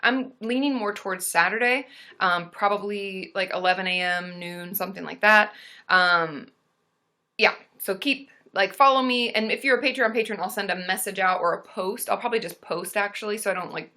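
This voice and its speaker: Chatty woman host, bright forward tone, bubbly, fillers throughout, casual live-stream chat. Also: mid-range voice, normal speed. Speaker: therapist hosting a live stream.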